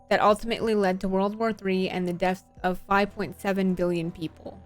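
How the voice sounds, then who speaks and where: Blunt, swearing woman streamer. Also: mid-range voice. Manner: blunt, profane reactions. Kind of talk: visual novel playthrough narration and commentary.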